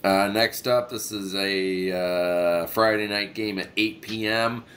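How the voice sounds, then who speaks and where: Man with a cold, low voice, very slow delivery, sports co-host, faint noise behind. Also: fairly even intonation, fairly bright tone. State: has a cold. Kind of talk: casual sports picks chat.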